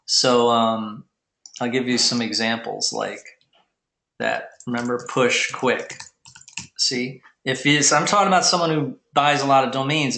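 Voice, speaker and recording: A man teaches on a live webinar in a loose, rambling manner, pausing and restarting often. His voice sits at an ordinary pitch. The sound is roomy and echoey, as from a computer mic. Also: a bit bright. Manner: rambling, frequent fillers and restarts. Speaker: webinar host teaching domain investing. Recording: echoey room.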